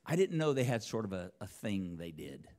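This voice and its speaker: A preacher telling a personal story in a church sermon, acting out both sides of the conversations. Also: male voice, lowish voice, normal speed. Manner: animated, acts out both sides of dialogue. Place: church sanctuary.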